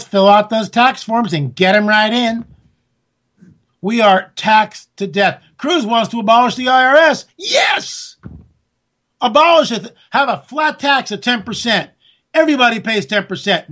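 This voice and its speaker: A man delivering a sarcastic, animated political monologue, talking straight to his listeners as folks. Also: high voice.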